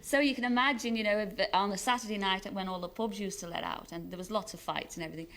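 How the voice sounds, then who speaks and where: A woman's voice: medium pitch, fast talker, fairly bright tone. A woman in her thirties with a Scouse accent, a chatty chat show guest who laughs often and pokes fun at herself. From Liverpool, England. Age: 30s. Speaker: celebrity guest.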